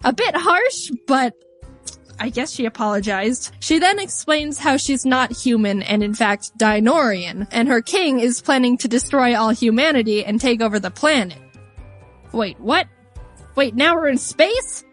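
A woman's voice: fairly high pitch, expressive, measured pace, soft background music. A young woman recapping a video game in a joking, sarcastic way. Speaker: game reviewer. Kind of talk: comedic game recap commentary.

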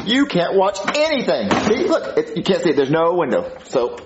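Guy putting on a whiny hyper little boy, high and jumpy, muffled noisy recording. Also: roomy sound. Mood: eager. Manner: whiny, excitable, fast-talking. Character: whiny loud young boy.

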